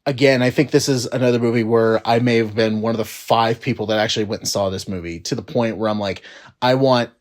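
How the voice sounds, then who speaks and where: A man's voice: fairly even intonation, fast talker. Exasperated man ranting about movies. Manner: exasperated, profane, swings between low mutters and loud rising outbursts. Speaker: movie reviewer. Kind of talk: casual ranting movie review.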